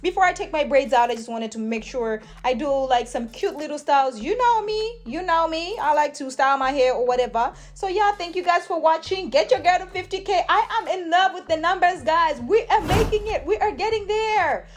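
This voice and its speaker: A woman's voice: extremely high pitch, expressive, brisk, hardly any pauses. A woman chatting through a hair tutorial in a hyper, gushing way, calling her viewers honey and sis. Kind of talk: casual tutorial chat.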